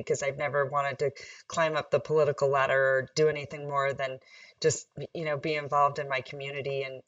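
A woman mayor from Nevada chatting in a casual interview, upbeat and quick to laugh. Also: extremely low pitch, a bit bright, no room sound, distant mic, lo-fi sound. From Nevada, USA.

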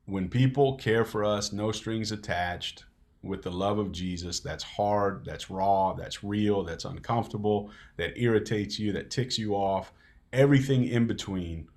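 Low-voiced earnest male podcast host. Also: a little slow, darkish tone. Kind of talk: casual faith conversation.

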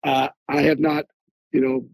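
A man from Philadelphia, an Army veteran and guest on an interview show, telling stories in an animated way and often repeating words as he searches for them. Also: mid-range voice, a little slow, gravelly, no room sound, low-quality recording. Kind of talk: casual interview storytelling.

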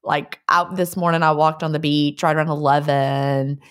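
A woman's voice: low-pitched, steady tone, normal speed, smooth. A woman co-hosting a podcast, chatting casually, laughing often and reading listener letters aloud. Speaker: podcast co-host. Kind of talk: casual chat. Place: lives in a beach resort town.

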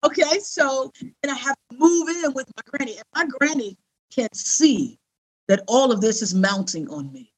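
Speaking at a moderate pace in a high voice, a middle-aged woman tells her interviewer a personal story, earnest and conversational throughout. She's animated, mimicking the voices of people she quotes.

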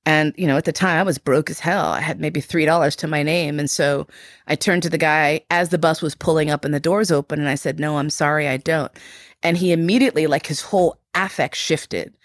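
A woman telling personal stories as an interview guest, reflective and frank, growing animated as she retells events. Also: deep voice, fairly quick, no room sound, clean studio sound. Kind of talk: candid personal storytelling.

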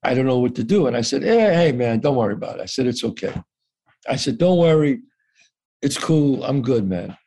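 A man's voice: mid-range voice, fairly quick, husky. A man telling a story from his life in casual conversation, acting out the people in it and swearing freely. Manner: animated, profane, acts out quoted voices. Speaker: guest actor.

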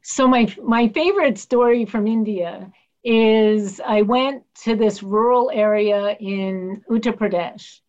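A woman with a mid-range, slightly mellow voice appears as an interview guest, a public health worker telling field stories with animation and acting out the people she quotes. The recording is muffled.

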